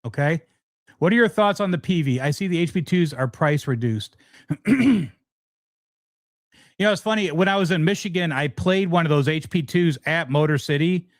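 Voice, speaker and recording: A man's voice: fairly high pitch, no echo. A middle-aged man hosting a casual guitar livestream, talking frankly and rambling, with lots of restarts. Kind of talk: casual livestream chat answering viewers.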